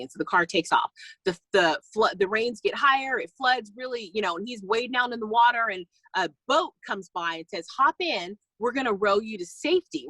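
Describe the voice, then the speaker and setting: A woman on a team call, telling a personal faith story in a chatty, animated way and acting out the voices in her anecdotes. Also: medium pitch, no room sound, poor audio. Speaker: guest speaker on a team call. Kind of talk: personal testimony, casual storytelling. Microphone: call recording.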